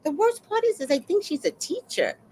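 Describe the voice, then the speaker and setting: Animated woman telling a wild story. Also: very high-pitched, brisk, a little hiss or hum. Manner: animated, blunt and profane, acting out the people in her story. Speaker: vlogger. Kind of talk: casual storytelling monologue.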